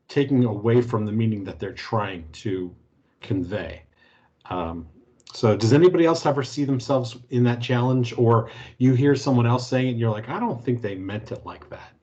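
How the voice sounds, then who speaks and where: A man moderating a corporate training webinar over a video call, easygoing and halting, with many fillers. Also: mid-range voice, warm tone. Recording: muffled video-call audio.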